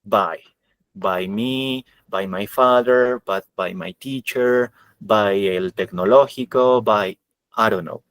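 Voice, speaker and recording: A man's voice: fairly low pitch, takes it slowly, a bit bright, dry recording. Male English teacher, dry sound. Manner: switches between Spanish explanation and English examples, repeats key points. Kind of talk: online class lecture.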